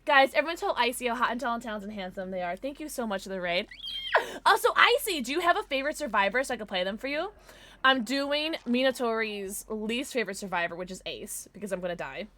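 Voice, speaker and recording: Bubbly woman streamer, very animated pitch. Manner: bubbly and excitable, greets chat; talks baby talk to her pets. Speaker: livestreamer. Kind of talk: casual livestream chat while gaming.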